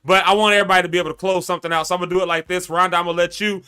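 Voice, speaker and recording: A man's voice: high-pitched, little pitch movement, rapid-fire, pushed and bright, clear, resonant tone. A man hosting a live-stream talk show, chatting casually, laughing often and getting emotional. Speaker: host.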